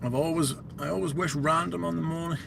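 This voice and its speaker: A man's voice: fairly high pitch, fairly even intonation, brisk, gravelly, noisy background. A British man hosting a livestream, chatting casually and rambling with plenty of swearing. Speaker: livestream host. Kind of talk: casual live chat.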